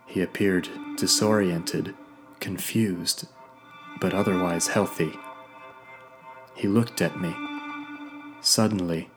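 A man reading a first-person story as a narrator, measured and sometimes hushed. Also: low-pitched. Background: faint background music.

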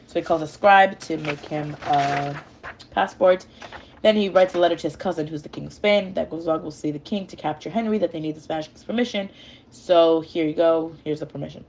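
Young woman, low voice, loose rambling recap full of "like" and "um". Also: steady tone, normal speed, darkish tone. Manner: rambling, filler-heavy slang, lots of "like" and "um". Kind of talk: casual retelling of a novel's chapters.

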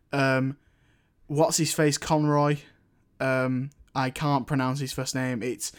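A young man co-hosting a casual film podcast, talking in a rambling, halting way full of fillers. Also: on the high side, clean tone. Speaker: podcast co-host.

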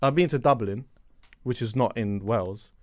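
A man telling a long story on a podcast in a lively, animated way, repeating words for effect and checking in with "yeah?". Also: medium pitch, moderate pace. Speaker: podcast co-host. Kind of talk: casual storytelling chat.

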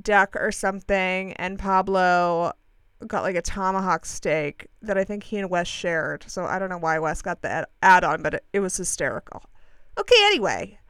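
A woman hosting her podcast, telling a rambling story in a chatty, animated way and swearing freely. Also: medium pitch, clean tone, no echo. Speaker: podcast host. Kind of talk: casual storytelling monologue.

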